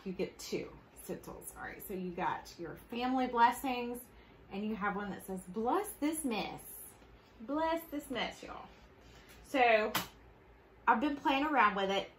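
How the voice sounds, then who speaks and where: A woman's voice: on the high side, a bit bright, a little hiss or hum. Bubbly Southern woman hosting a craft demo. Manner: bubbly, chatty, laughs often. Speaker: host. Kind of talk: casual live craft demo. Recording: echoey room with faint ambience.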